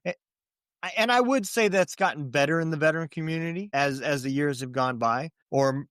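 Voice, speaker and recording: Podcast host guy, mid pitch, agreeable, keeps saying yep, smooth voice. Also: dry recording. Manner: agreeable, affirming, steady. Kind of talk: casual interview.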